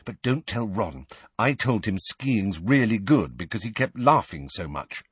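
A man reading aloud and voicing a brisk, impatient teenage schoolgirl who lectures her friends in an audiobook. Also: lowish voice, lively intonation, slightly rough, no echo. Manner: brisk, impatient, know-it-all.

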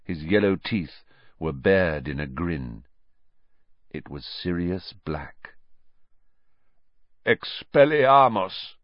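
A man reading a story aloud in a dramatic, measured audiobook style. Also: very deep voice, dry recording, muffled recording. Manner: dramatic, measured, varied delivery. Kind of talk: audiobook narration.

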